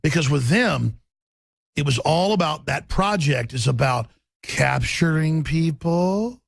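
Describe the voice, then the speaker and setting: A man hosting a talk radio show, with a raspy voice and an intense, forceful delivery that swings between fast and slow. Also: a little high, animated, no room sound. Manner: intense, forceful, shifting pace.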